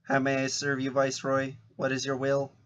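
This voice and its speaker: A man's voice: medium pitch, monotone, normal speed, fairly bright tone, muffled recording, slight background noise, natural voice. A man reading a dutiful droid commander. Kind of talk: table read in Shakespearean verse.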